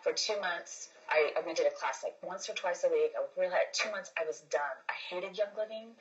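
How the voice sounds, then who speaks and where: A woman with a low, deep voice talks straight into a phone on a casual livestream. She rambles, restarts her sentences and repeats words, leaning hard on emphasis. The sound is dull and lo-fi. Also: brisk. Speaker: livestream host.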